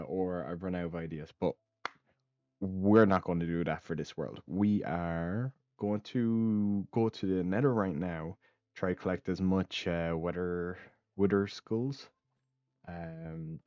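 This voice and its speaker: Rambling young man, very low voice. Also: warm tone, dry recording. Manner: rambling, many ums and uhs; casual, swears offhandedly. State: hiccups. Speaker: gaming channel host. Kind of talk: casual let's play commentary. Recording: dull, dry lo-fi mic.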